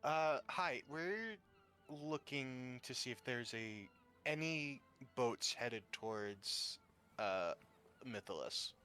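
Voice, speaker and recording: A man's voice: mid-range voice, animated, takes it slowly, bright, forceful tone, clear, resonant tone. A man playing a tabletop game, speaking casually and tossing out playful jokes. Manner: joking, playful asides. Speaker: player.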